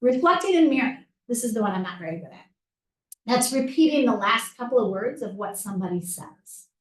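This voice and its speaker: A woman's voice: fairly high pitch, animated, brisk, recorded from a distance. A middle-aged woman, a crisis negotiator, giving a practical and direct training talk to an audience. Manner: practical and direct, addresses audience as "you guys". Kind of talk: instructive presentation talk. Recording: roomy echo, voice from off-mic.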